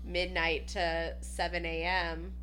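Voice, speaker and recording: A young woman in her twenties co-hosting a podcast, telling animated self-mocking stories and laughing through them. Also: lowish voice, slow, a little hiss or hum. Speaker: podcast co-host. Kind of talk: casual chat, storytelling.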